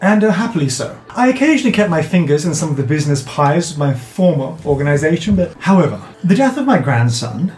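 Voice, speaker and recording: Man playing elderly female crime boss, genteel, icy, precise, a bit high voice, roomy echo. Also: very animated, fast, hardly any pauses, darkish tone. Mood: menacing. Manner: genteel, precise, icily polite. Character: cold elderly woman crime matriarch, poised and menacing.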